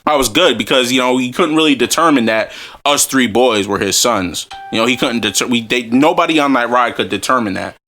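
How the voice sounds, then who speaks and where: A young man hosting a podcast, telling a story in casual chat, animated and profane, often breaking into laughs. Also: mid-range voice, brisk. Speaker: podcast host.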